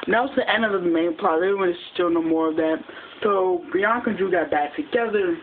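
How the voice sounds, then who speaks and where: A casual fan recap of a TV episode, told in a quick, rambling way with plenty of restarts. The audio is thin and phone-like. A faint hiss runs under the voice. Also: mid-range voice. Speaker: TV episode reviewer.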